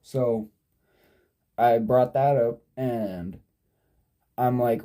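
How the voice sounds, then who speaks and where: A man's voice: medium pitch, extremely slow, long pauses, dark tone. A young man in his twenties vlogging, telling a story in a casual, rambling way, swearing freely and often sidetracking and correcting himself. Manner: digressive, profane, sidetracks and self-corrects.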